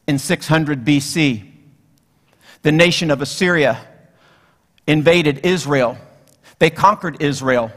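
A high-voiced man delivers a sermon from the pulpit, moving between teaching and storytelling with touches of humor. His voice rings out with a long reverb tail that fills the church. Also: a bit bright. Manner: storytelling with jokes, acting out characters. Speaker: guest preacher.

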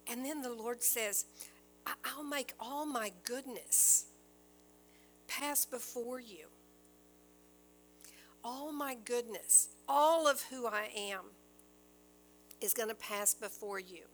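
A woman's voice: on the high side, takes it slowly, pauses often, a little hiss or hum, low-quality recording. A woman giving an earnest Bible-teaching sermon, reading scripture aloud and explaining it, with small restarts as she goes.

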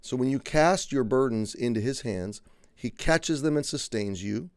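A man's voice: mid-range voice, lively intonation, normal speed, clean tone, dry recording, clean studio sound. A man giving a conversational Bible teaching, earnest, unpacking words one by one and often checking in with "okay?".

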